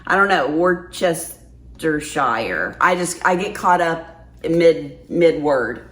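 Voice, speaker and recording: Woman, host, casual chat, self-amused, very low pitch, roomy echo. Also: a little slow. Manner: amused, laughing at herself.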